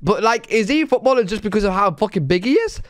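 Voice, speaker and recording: A man's voice: sits high, expressive, quick pace. A young British man reacting to sports clips with hyped, slangy, swearing commentary. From Britain. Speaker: reaction video host. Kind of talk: excited casual reaction commentary. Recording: music playing loud behind voice. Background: hip hop music.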